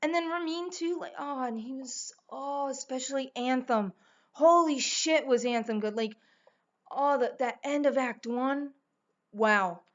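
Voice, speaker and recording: Woman, rambling vlog talk, lots of fillers, fairly high pitch, muffled recording. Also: measured pace. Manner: gushing, full of fillers and restarts. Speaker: vlogger. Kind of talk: casual rambling vlog chat.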